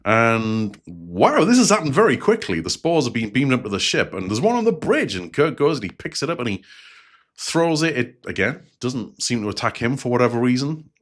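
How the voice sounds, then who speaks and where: A man hosting a show, casually recapping a TV episode scene by scene in a chatty, reflective way. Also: mid-range voice. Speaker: show host.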